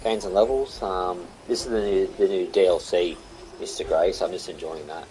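A man's voice: low-pitched, fairly even intonation, moderate pace, mellow, poor audio. A young Australian man chatting casually with viewers on a live game stream, greeting them by name and calling them mate and buddy.

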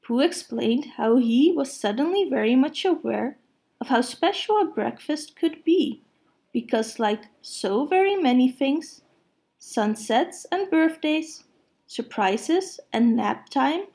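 A woman reading a children's storybook aloud in a gentle, unhurried way. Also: high voice, animated.

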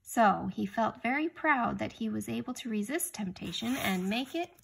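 A woman reading a children's chapter book aloud, stopping now and then to ask young listeners gentle questions. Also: on the high side, expressive, moderate pace, creaky, slight background noise. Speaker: reader.

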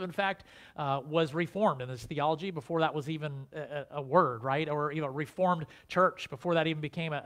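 A man, a pastor, preaching a conversational sermon, asking his listeners rhetorical questions and restarting his phrases. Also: fairly high pitch.

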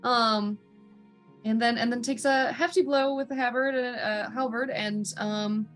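A woman's voice: fairly high pitch, steady tone, unhurried, fairly bright tone, soft background music. A woman narrating as dungeon master, rambling and joking with many fillers. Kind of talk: narrating a tabletop game.

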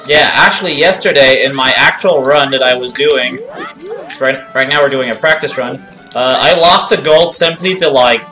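Man with a French Canadian accent, bright voice, easygoing streamer chat, faint game music behind. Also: mid-range voice, normal speed. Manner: chatty, thanks viewers, laughs easily, light stutter. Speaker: speedrunner streamer. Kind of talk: casual live-stream chat while playing.

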